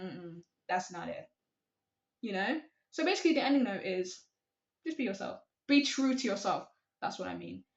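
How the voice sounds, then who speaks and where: A young woman chats to her camera, giving advice in a loose, rambling way and poking fun at herself. Her voice sits a little high. The sound is dull and lo-fi, with a roomy echo. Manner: chatty, rambling, self-deprecating. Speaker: vlogger. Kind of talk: casual talking-to-camera advice.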